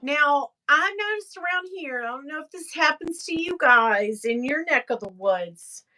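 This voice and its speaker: Woman, livestream co-host, casual chat, playful, high bright voice. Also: expressive, measured pace. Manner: playful, reads out viewer comments and greets viewers.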